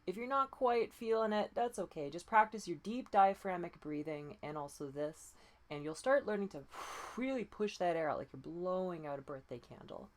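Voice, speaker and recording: A woman voice coach leading breathing and pitch exercises, patient and encouraging, often demonstrating breathy sighs. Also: normal speed. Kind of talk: guided voice exercise lesson.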